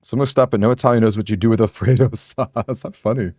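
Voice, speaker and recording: Talking fast in a mellow, low voice, a game streamer chats casually with his viewers, rambling, self-deprecating and laughing often. The recording is dry, with clean studio sound.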